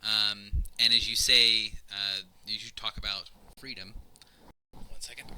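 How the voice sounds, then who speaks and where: A man narrating a tabletop game as game master, halting and full of fillers. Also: lowish voice, flat delivery, sharp tone, a little hiss or hum, poor audio.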